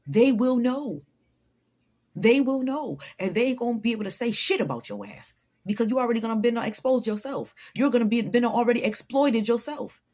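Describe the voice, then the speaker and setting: A woman's voice: a little high, animated, fast, darkish tone. A woman giving an unscripted motivational talk to her followers, blunt, profane and preachy. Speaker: motivational vlogger.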